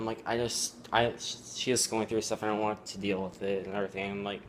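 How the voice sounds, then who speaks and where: A man's voice: lowish voice, flat delivery, a little hiss or hum. Rambling teenage boy telling a story. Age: teens. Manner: rambling, halting, many fillers. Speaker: student vlogger. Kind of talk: casual storytelling. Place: at home.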